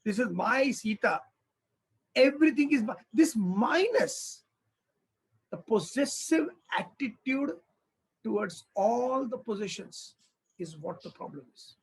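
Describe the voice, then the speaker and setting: A high-voiced man gives a spiritual discourse on scripture. His voice is husky, and he talks in an animated way. He keeps asking the listeners rhetorical questions. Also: slow, low-quality recording. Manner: animated, acts out little dialogues, rhetorical questions. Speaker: spiritual teacher.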